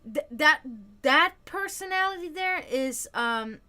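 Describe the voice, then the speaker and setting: With a high, animated voice that sounds pushed and bright, a woman takes her time as she hosts a loose, chatty livestream. She reads and answers viewer comments, often using fillers and restarting her sentences.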